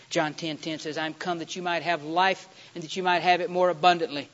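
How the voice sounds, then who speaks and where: A middle-aged male preacher with a fairly high voice, delivering a sermon with big dramatic swings. He bursts out loud and excited when telling stories, then drops to a hushed, slow murmur for scripture. The recording is dull and lo-fi, like an old tape.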